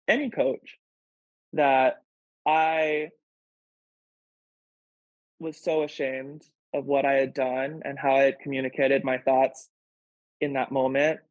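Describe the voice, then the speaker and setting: Taking it slowly and pausing often, a man with a flat, mid-range delivery, a pro volleyball player on a podcast, speaks casually yet earnestly and emotionally, saying "like" frequently. There's no echo, and the sound is dull lo-fi.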